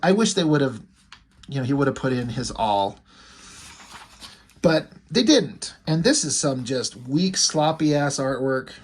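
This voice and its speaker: Speaking a little slowly in an animated, mid-range voice, a man gives a rambling comic book review for a casual video. He fills it with "like" and "you know" and drops in blunt, mocking remarks.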